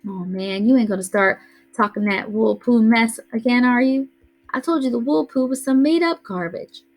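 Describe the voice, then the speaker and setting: A woman's voice: on the high side, moderate pace, pitched above the performer's own voice, natural voice, poor audio. A woman reading aloud voices a tough, bossy teenage older brother who scolds in a streetwise way. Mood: scolding.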